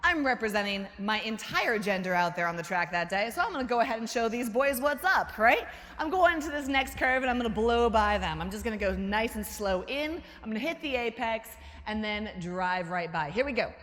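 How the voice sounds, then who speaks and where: A woman giving a motivational keynote talk, an animated storyteller who acts out quotes with a lively voice and laughs between stories. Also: fairly high pitch, a little fast. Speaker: keynote speaker. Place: large conference hall. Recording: echoey hall reverb.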